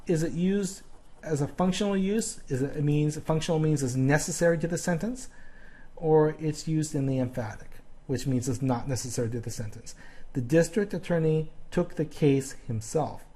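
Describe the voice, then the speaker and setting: A man's voice: a little high, moderate pace, warm tone. A man teaching a grammar lesson on video, explaining patiently step by step and often checking in with "okay?".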